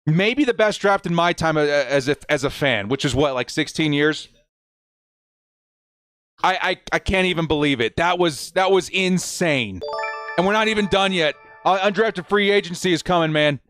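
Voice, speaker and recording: A man hosting a live stream, reacting with hype, shouting and whooping, and reading out viewer messages. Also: fairly high pitch, moderate pace, soft background music.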